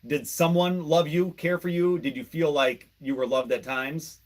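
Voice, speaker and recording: A man's voice: fairly high pitch, steady tone, normal speed. A man co-hosting a podcast who asks probing questions and offers careful, hedged guesses. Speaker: podcast co-host. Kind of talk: reflective conversation.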